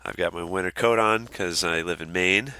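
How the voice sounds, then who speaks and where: A man teaching as an online course instructor in a casual walkthrough, relaxed with lots of ums and uhs. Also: deep voice, normal speed, noisy background. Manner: relaxed, many ums and uhs, friendly asides.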